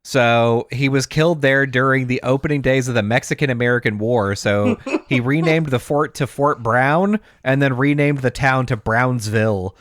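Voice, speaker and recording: A man co-hosts a podcast in casual conversation, rambling and laughing as he goes. His mid-range, fairly bright voice moves at a moderate pace with hardly any pauses, recorded dry at studio quality.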